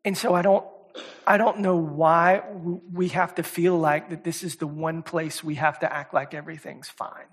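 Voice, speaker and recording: A man preaching a sermon as a guest speaker, talking casually and repeating words, swinging between loud emphatic stretches and quiet soft ones. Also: a little high, fairly even intonation, moderate pace, husky. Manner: conversational, repeats words and says "y'all" often. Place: church service.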